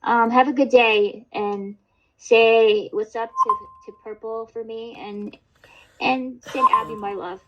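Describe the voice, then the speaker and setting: A woman's voice: fairly high pitch, steady tone, takes it slowly, highs cut off, crowd noise. A woman hosting a casual livestream chat, rambling and swearing, with lots of fillers and restarts. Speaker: livestream host.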